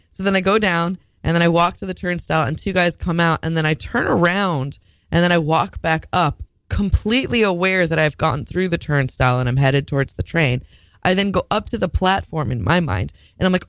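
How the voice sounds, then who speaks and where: A woman's voice: on the low side, brisk, fairly bright tone, smooth, no echo. A woman telling a rambling, self-mocking story in casual radio chat.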